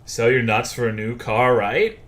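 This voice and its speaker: This young gamer speaks a little slowly, his medium-pitched voice a bit bright. During a casual live stream he jokes, curses frequently, and reads viewers' messages out loud.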